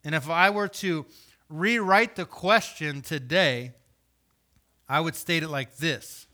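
Bright-voiced man preaching with dynamic swings. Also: takes it slowly. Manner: dynamic, swings from loud emphasis to hushed low delivery; reads scripture aloud and voices imagined questions. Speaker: pastor. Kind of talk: sermon.

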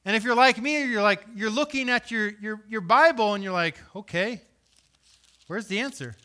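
A man preaching a sermon with a high, bright voice. He reads scripture aloud and voices questions, swinging from loud emphatic lines to hushed, low-spoken ones. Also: a little fast, clear, resonant tone. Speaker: pastor.

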